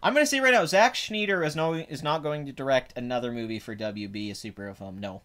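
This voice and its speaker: A man's voice: mid-range voice, fast, a bit bright. A man hosting a podcast in casual chat, rambling and correcting himself with many fillers. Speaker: podcast host.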